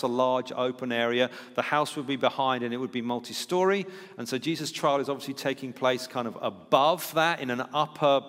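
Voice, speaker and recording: A man's voice: mid-range voice, a bit bright, big-room sound. A man preaching a sermon in a conversational teaching style, acting out the lines he quotes. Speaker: pastor.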